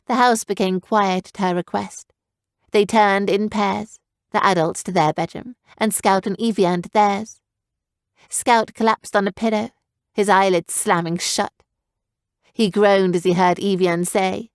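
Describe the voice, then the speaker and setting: A woman narrating a young adult fantasy audiobook in a steady, even storytelling manner. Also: mid-range voice, a little slow, dry recording, clean studio sound. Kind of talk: scripted narration.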